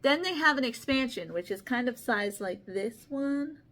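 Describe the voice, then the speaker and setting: A woman with a noticeable lisp talks straight to the camera in a loose, chatty vlog, tripping over her words now and then. Her voice sits a little higher than most, and she comes across as shy and sincere, laughing often. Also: lively intonation, moderate pace, a bit bright. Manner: rambling and chatty with restarts and small stutters. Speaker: board game channel host. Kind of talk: casual vlog talk showing games to camera.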